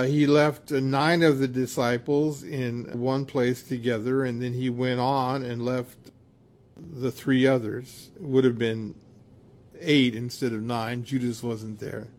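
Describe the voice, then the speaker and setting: A man preaching a sermon in a measured, reflective way, with occasional hesitations. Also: medium pitch, darkish tone.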